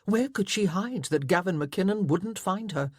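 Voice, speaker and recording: A woman's voice: mid-range voice, animated, moderate pace, slightly rough, no room sound, clean studio sound. A woman narrating a historical romance audiobook in a dramatic, tense storytelling manner. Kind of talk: scripted narration.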